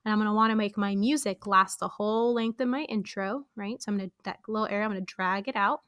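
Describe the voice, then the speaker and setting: In a relaxed screen-recorded tutorial, a teacher walks through podcast editing step by step, sprinkling in friendly fillers. Her voice is medium in pitch, bright and forceful, captured with studio quality and no echo.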